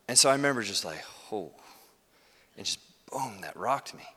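Male pastor, earnest sermon delivery, forceful peaks, bright tone, reverberant sanctuary. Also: fairly low pitch, expressive, fairly quick. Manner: earnest, builds to forceful emphasis. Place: church sanctuary. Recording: long reverb from a large hall.

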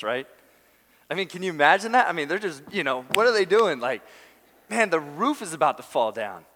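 A man preaching a sermon, telling a story with lively acted-out quotes and laughing asides. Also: on the high side. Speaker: pastor. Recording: long hall reverb.

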